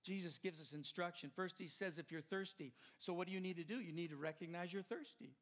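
Older male pastor, high-pitched, passionate preaching style with rising builds. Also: quick pace. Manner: impassioned preaching, swelling louder at climaxes. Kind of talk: sermon.

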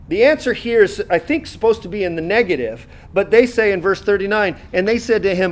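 A man with a high-pitched voice delivers a relaxed, conversational sermon. He reads scripture aloud and stops to comment on it, filling his speech with "uh" and frequent restarts. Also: a little fast, hardly any pauses. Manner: conversational preaching with many fillers and restarts. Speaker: pastor.

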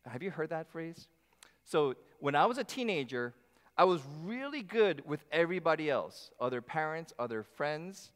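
A man's voice: a little high, normal speed. Man preaching in a reverberant church. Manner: animated preaching with acted asides to the congregation. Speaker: pastor. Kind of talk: sermon. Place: church sanctuary. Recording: long hall reverb.

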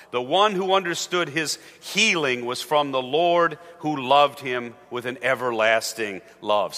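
A pastor preaching a sermon with dynamic delivery, booming on key words and dropping to a hush at the ends of phrases. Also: male voice, big-room sound. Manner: dynamic, swinging from loud emphasis to hushed endings. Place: church sanctuary.

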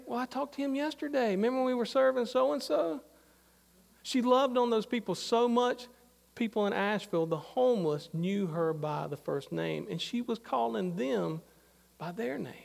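A man's voice: high voice, creaky, in a large hall. A middle-aged man preaching a sermon, talking in a conversational, anecdotal way full of asides. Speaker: pastor.

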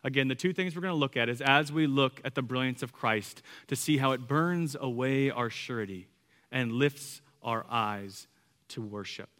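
A man in his thirties preaches a sermon, moving easily from scripture reading into chatty, personal storytelling. His voice has a bright, forward tone at an ordinary pitch, and it rings out with a long reverb. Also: normal speed. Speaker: pastor.

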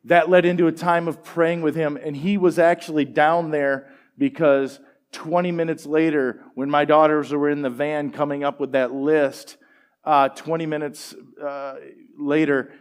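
A middle-aged man preaching a sermon and telling personal stories in a relaxed, conversational way, with plenty of fillers. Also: a little high. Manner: conversational, animated storytelling with fillers. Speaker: pastor. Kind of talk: sermon storytelling.

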